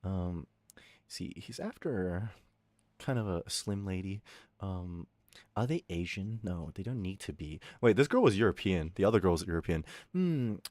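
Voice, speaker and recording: Brief: young male streamer, lively swinging pitch, loud and crude, dry close mic. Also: moderate pace, no room sound. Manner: loud, swearing, laughing, animated ranting. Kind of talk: casual stream chat reading chat.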